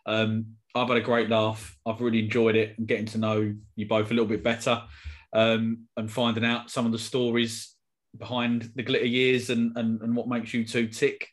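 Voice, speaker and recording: A man hosts a casual podcast, friendly and loose with lots of fillers. His pitch sits at an ordinary middle. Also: monotone, moderate pace. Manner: friendly, filler-heavy, laughs easily. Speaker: podcast host. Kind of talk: casual podcast chat and sign-off.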